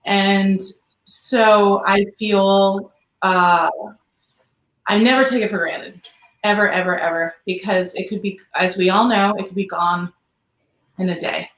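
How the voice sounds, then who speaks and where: A woman's voice: mid-range voice, fairly even intonation, a little slow, fairly bright tone. A woman guest on an interview show, chatting in a self-deprecating way. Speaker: guest singer. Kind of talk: casual interview chat. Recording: echoey room.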